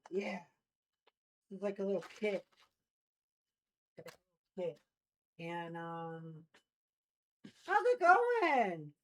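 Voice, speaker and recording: A woman's voice: mid-range voice, a little mellow. A young adult woman streaming live, chatting casually and rambling with lots of fillers as she talks to her chat while setting up her gear at home.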